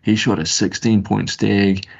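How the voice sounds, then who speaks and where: A man's voice: fairly low pitch, little pitch movement, unhurried, vocal fry, husky, lo-fi sound. A man with a New Zealand accent telling hunting stories as a podcast guest, rambling and laid-back with lots of slang and fillers. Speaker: podcast guest, bush hunter. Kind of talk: casual storytelling.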